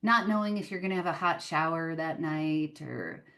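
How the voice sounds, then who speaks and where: A woman, an author and podcast guest, telling a personal story in casual interview chat, animated and full of fillers. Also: sits low, normal speed. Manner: animated, chatty, many fillers like "like" and "um".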